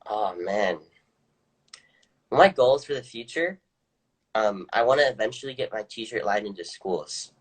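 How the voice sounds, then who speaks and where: A young man chats casually as a guest in an interview, often hesitant and quick to laugh. His pitch moves in a lively, animated way. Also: breathy edge. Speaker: guest actor.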